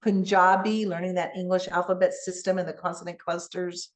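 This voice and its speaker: A middle-aged woman giving a conference keynote, teacherly and animated, coaching the audience through speech sounds. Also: fairly low pitch, fairly quick. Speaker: keynote speaker.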